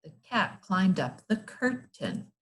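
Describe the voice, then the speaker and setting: A woman teaching a phonics lesson to young children, sounding out letters and words slowly and praising often. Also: mid-range voice, very animated.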